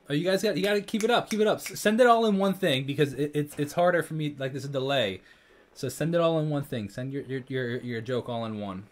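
A man's voice: on the high side, brisk. A man hosting a casual livestream, reading viewer jokes aloud and trying not to laugh. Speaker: livestream host.

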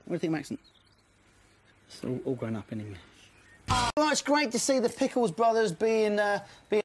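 A man's voice: high-pitched, huge pitch swings, a little fast, pauses often. A man presenting children's TV, talking in a cheeky, jokey, chatty way. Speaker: kids' TV presenter. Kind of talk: playful presenting and chat.

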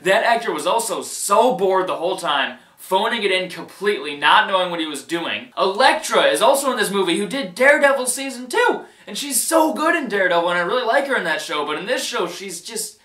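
High, bright-voiced man ranting about a movie. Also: lively intonation, brisk, hardly any pauses, roomy sound. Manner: exasperated, emphatic, repeats himself, laughs often. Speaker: movie reviewer. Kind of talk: casual movie rant.

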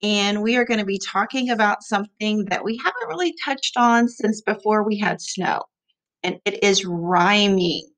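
A female teacher with a slightly bright, mid-range voice leads young children through a rhyming lesson. She encourages them and says words slowly so they can repeat them back.

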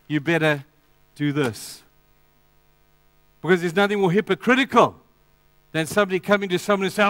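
A man preaching a sermon in a high, light voice. He rises to emphatic declarations and then drops to quiet, intense asides, talking straight to his congregation. The sound is close and dry, with little room around it. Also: steady tone, fairly quick, dry recording. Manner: addresses the congregation directly. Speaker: pastor.

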